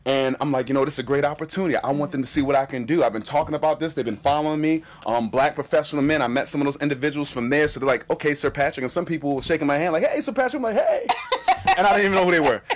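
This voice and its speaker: A man telling a personal story in casual chat, animated and acting out what people said. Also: fairly high pitch. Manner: animated, fast-talking storyteller acting out quotes.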